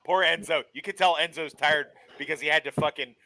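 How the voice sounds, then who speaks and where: A man's voice: on the high side, fairly even intonation, a little fast, sharp tone, dry recording, rough recording. A man hosting a casual movie-watch chat, joking and swearing freely and laughing often. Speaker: podcast host.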